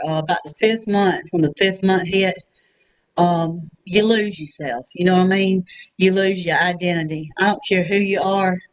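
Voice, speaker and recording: A woman's voice: mid-range voice, clear, resonant tone, low-quality recording. Heartbroken woman. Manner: raw, halting, many fillers and pauses. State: heartbroken, close to tears. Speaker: vlogger. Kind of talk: personal confessional vlog. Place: her apartment.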